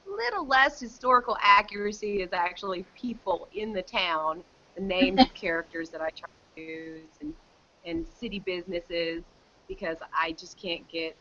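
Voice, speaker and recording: A woman's voice: mid-range voice, expressive, moderate pace, pushed and bright. A woman, a guest author, chatting casually and rambling on a video call. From South Dakota. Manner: chatty, rambling with restarts, mimics others' voices. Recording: slightly dull lo-fi call audio.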